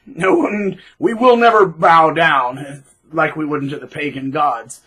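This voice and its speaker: A man's voice: a little high, measured pace, sharp tone, breathy edge, poor audio. A man hosting his own channel, delivering a rambling, sarcastic monologue. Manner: rambling, sarcastic, with many fillers and restarts. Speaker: channel host. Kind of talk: ranting monologue commentary.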